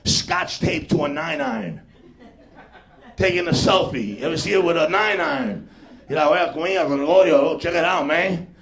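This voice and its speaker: A male stand-up comedian with a New York accent, brash and profane, delivering a punchy club set. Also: on the high side. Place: comedy club stage, live audience.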